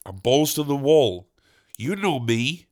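A young man hosting a podcast, telling a comic anecdote in an animated, boastful way that builds to exasperated outbursts. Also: mid-range voice, slow. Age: young adult. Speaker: podcast host. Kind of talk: comic storytelling.

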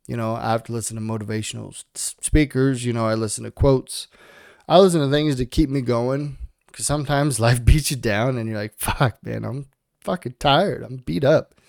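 A man's voice: mid-range voice, darkish tone, dry recording, clean studio sound. A young man co-hosting a podcast, talking frankly and with plenty of swearing as he gives himself and his listeners a motivational push. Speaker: podcast co-host. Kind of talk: casual podcast talk.

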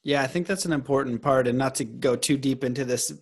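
A man's voice: mid-range voice, fast. A man hosting a podcast interview, casual and candid, laughing easily over a video call. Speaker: podcast host.

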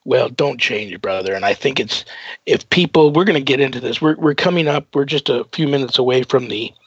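An American man hosts a radio talk show, chatting casually in an interview and rambling with many fillers. His medium-pitched voice has a breathy edge and a fairly quick pace, and the broadcast audio is dull, dry, and lo-fi.

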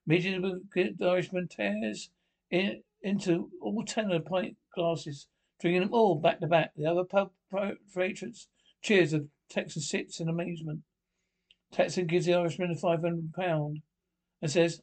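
A man with a gravelly voice reads pub jokes one after another, sitting a little higher than most men. He stumbles and restarts words often as he goes, the delivery plain and unpolished. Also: darkish tone. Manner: halting read with frequent restarts. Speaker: joke teller. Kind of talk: reading jokes aloud.

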